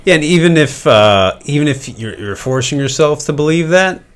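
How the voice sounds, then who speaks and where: A man's voice: on the high side, expressive, normal speed, background noise. A man co-hosting a podcast in casual chat, mostly giving short agreeing interjections. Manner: short affirming interjections, laughs along.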